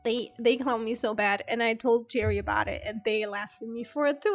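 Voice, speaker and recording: A woman's voice: fairly high pitch, fairly even intonation, normal speed, few pauses, soft background music. A woman whose first language is German, chatting casually with her stream viewers in a rambling, giggly, self-deprecating way.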